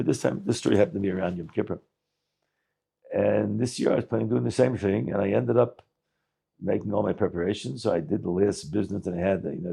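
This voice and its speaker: Man, rabbi, storytelling talk, Yiddish-sprinkled English, gravelly, somewhat low. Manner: Yiddish-laced English, animated storytelling with restarts.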